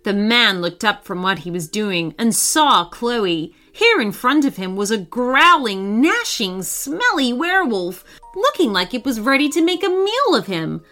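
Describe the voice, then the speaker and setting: A woman narrating a children's story in a scripted, expressive way with dramatic pauses. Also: on the high side, soft background music.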